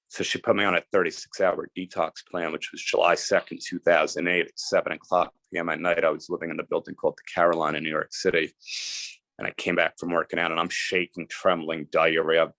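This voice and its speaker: Middle-aged man, very low voice, dry close sound, earnest emphatic storytelling. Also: flat delivery, brisk, vocal fry, a bit bright, dry recording. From New Jersey, US. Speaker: guest. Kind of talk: candid storytelling interview.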